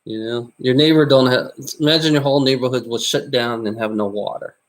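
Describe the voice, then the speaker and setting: A man vlogging in a rambling monologue, repeating himself, swearing and tagging nearly every line with "you know?". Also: fairly quick. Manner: voice jumps high on exclamations.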